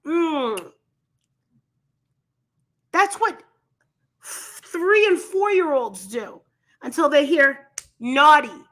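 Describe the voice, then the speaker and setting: A woman hosting a casual commentary chat, talking in a blunt, animated and scornful way. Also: high voice, very slow, long pauses. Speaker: commentary channel host.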